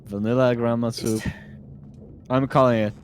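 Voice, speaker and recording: A man's voice: mid-range voice, level tone, moderate pace, soft background music. Playful, joking male game commentator. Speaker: tournament commentator. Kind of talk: casual live game commentary.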